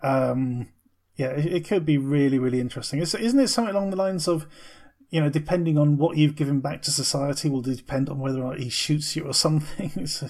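A man with a somewhat high voice co-hosts a casual film podcast. He rambles through his picks, hesitating with frequent ums and restarts. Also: fast talker, darkish tone. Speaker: podcast co-host. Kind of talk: casual film review chat.

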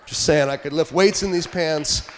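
A man preaching a sermon as pastor, talking conversationally and joking, then dropping into quiet asides. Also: fairly high pitch, moderate pace, a little hiss or hum. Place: church sanctuary. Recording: long church hall reverb.

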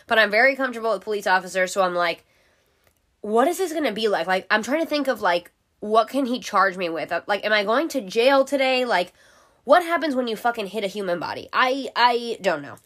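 A woman's voice: medium pitch, a little fast. Swearing, chatty young woman podcaster. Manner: chatty, swears freely, animated retelling. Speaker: podcast host. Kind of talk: casual storytelling monologue.

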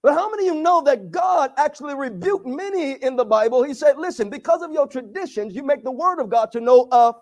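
A pastor preaching a sermon with call-and-response to his congregation, often rising to shouts. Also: very high voice.

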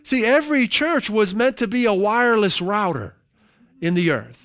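A middle-aged male pastor delivers a sermon in a high, smooth, resonant voice with lively intonation and a fairly bright tone. He slows down to stress key phrases, then drifts into chatty, everyday asides. The recording is dry and close, with no room sound.

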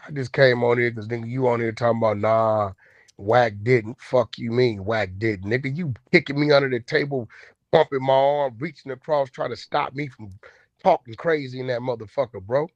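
A man hosting an online talk room, naturally loud, blunt and aggressive, with profane casual speech. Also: mid-range voice, a little fast, dry recording, muffled recording. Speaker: host. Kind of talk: heated casual chat. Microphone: online audio room.

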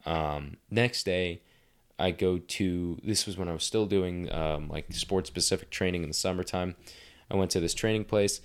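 A man's voice: low voice, normal speed, smooth. A young man casually telling a story as a podcast host, rambling and swearing often. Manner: rambling, profane, filler-heavy.

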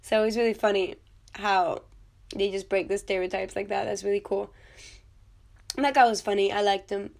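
A woman's voice: medium pitch, steady tone, moderate pace, gravelly, long pauses. A woman vlogger talking casually about a film, chatty and blunt, with swearing and rambling asides. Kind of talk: casual chat.

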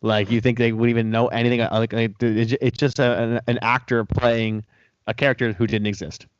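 A man as a podcast guest in casual chat, calm and factual with a wry edge. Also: mid-range voice, a little fast, a little hiss or hum. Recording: dry, dull lo-fi sound.

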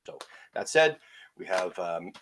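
A man's voice: low-pitched, big pitch swings, measured pace. A man hosting a casual podcast chat, loose and chatty. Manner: loose, chatty, laughs loudly. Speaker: podcast host. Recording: faint background noise.

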